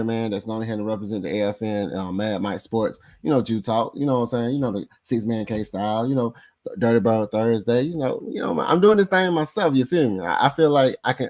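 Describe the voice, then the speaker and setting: A man hosting a casual sports talk livestream from his home setup, loose and animated, with heavy slang and lots of repeated phrases. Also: medium pitch. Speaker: podcast host. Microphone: new desk microphone setup.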